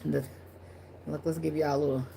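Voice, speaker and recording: A woman with a slightly low voice gives a loose, unscripted tarot reading straight to her viewers. She is blunt and profane, laughs often and talks like she is chatting with friends. A faint hum of room noise sits behind her. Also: little pitch movement, normal speed, gravelly, warm tone. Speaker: tarot reader. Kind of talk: casual tarot reading to camera.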